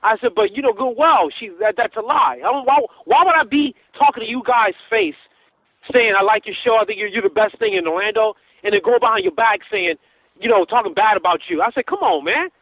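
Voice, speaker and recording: A man, calling in by phone and telling a long story in a casual, animated way, full of repeats and restarts. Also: high voice, brisk, no room sound. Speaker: caller. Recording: tinny phone line, dry.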